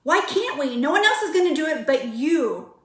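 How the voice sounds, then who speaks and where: A woman's voice: high-pitched, sing-song, moderate pace, roomy sound. A woman in her forties giving an earnest, emphatic motivational pep talk to her online group. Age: 40s. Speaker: vlogger.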